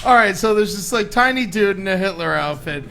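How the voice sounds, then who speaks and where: A man's voice: high voice, lively intonation, brisk, gravelly, bright, forceful tone, soft background music. A man co-hosting a live comedy podcast, telling loose, crude, rambling stories. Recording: live audience noise behind.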